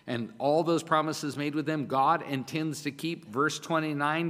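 A middle-aged male pastor delivering a sermon in a slightly higher-than-usual voice. He talks in an emphatic, conversational way, pressing his points with rhetorical questions. The sound carries the long reverb of a hall. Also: steady tone, normal speed, hardly any pauses, fairly bright tone.

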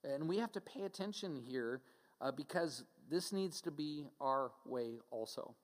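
A pastor delivers his sermon in an earnest, plain-spoken way, talking to his people as if across a table. His voice sits a little high for a man. The sound rings on with a long reverb from a big hall. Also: lively intonation, a little slow. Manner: earnest, direct, conversational preaching with mocking asides.

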